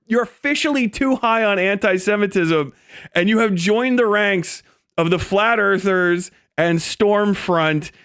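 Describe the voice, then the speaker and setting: A man's voice: sits high, a bit bright, clear, resonant tone, no room sound, clean studio sound. A man hosting a live stream, ranting in a profane, mocking way and mimicking people sarcastically. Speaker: streamer host.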